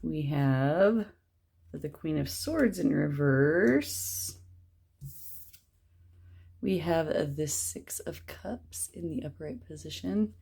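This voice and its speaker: Low-voiced woman, husky and gravelly, chatty tarot reader, relaxed and rambling. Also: slow pace, pauses often. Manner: chatty, rambling, drops to a whisper at times. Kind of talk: casual tarot reading to camera.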